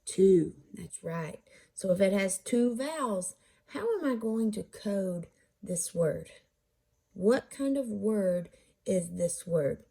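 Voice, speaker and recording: A woman's voice: mid-range voice, expressive, vocal fry, mellow, slightly rough. A woman teaching a phonics lesson, patiently walking through how to code words and asking questions before answering them herself. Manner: sounds out syllables slowly. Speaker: reading teacher.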